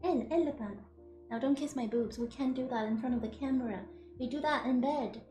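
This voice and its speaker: A young woman with a high, bright voice talks casually on a home stream, gushing over her cats in giggly baby talk. Faint music plays behind her. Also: brisk.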